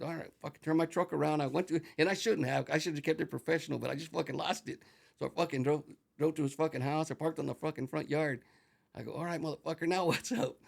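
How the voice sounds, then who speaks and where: A middle-aged man telling a profane, animated story as an interview guest, slipping into Spanish phrases as he acts out the dialogue. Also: on the high side, gravelly. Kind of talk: casual storytelling.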